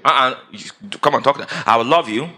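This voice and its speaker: Male preacher, 30s, bright, forceful delivery, call-and-response. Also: medium pitch, a little fast. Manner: call-and-response preaching, acts out whiny quotes. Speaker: pastor. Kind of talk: sermon.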